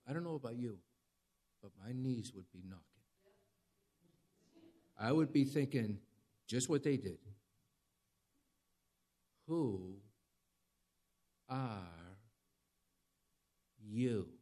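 A man's voice: mid-range voice, expressive, normal speed, long pauses, mellow. A man preaching a sermon in a conversational, dramatic way, with rising emphasis. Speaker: pastor.

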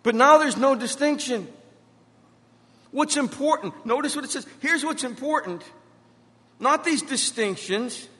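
A man's voice: extremely high pitch, lively intonation, measured pace, pauses often, pushed and bright. A middle-aged man preaching a sermon as pastor, driving his points home with emphatic repetition and personal stories. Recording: long reverb of a hall.

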